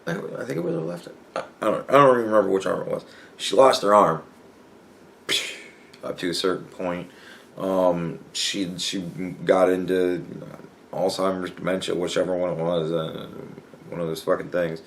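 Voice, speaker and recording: A man's voice: sits low, moderate pace, vocal fry, slight background noise. A man talking casually on his own podcast, rambling and swearing, with frequent stammering restarts and acted-out imagined dialogue. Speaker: podcast host. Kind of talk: casual solo commentary.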